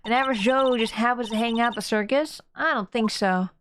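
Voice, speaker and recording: A woman's voice: fairly high pitch, fast talker, noisy background, lightly acted. Woman reading a young male lawyer, plainly. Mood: questioning. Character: earnest young male defense attorney. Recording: game music behind.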